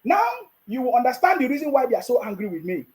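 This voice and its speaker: A Nigerian-accented political commentator talking straight to the listener, pitched at an ordinary middle height. The delivery is mocking and full of rhetorical questions, with chuckles slipped in between points and a habit of asking whether the listener is following. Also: big pitch swings, quick pace, a little mellow, low-quality recording. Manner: keeps checking in with the listener.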